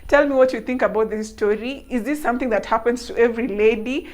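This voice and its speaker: A young Kenyan woman vlogger telling a story to camera in an animated, laughing way. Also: a little high, quick pace. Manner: animated, laughing, mixing in local words.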